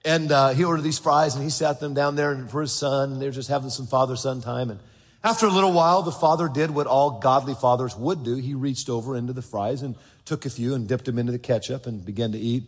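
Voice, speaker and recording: A man's voice: medium pitch, quick pace, breathy edge. A male pastor preaching a sermon in a church, reading scripture aloud and acting out the voices of the people in his story. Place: church sanctuary. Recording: long reverb of a large church.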